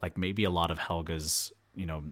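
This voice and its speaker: Low-voiced man rambling casually. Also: steady tone, moderate pace, fairly bright tone, dry recording. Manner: rambling, filler-heavy, laughs often. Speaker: podcast co-host. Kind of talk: casual chat.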